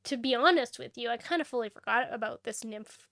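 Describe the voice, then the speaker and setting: A young woman with a high, smooth, resonant voice chats through a book recap for her podcast. She tells the story animatedly, dropping into snappy quoted dialogue as she goes. The sound is dry and close, with no room around it. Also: brisk, fairly bright tone, no echo. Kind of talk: casual book recap chat.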